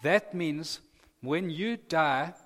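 A man's voice: on the high side, extremely slow, a bit bright. A man preaching a sermon, earnest and building to impassioned emphasis. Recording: long reverb of a large hall.

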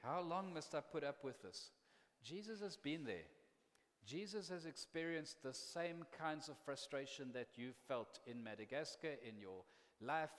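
A man preaching a sermon in a church, earnest and conversational, shifting into animated bursts. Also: medium pitch, big-room sound.

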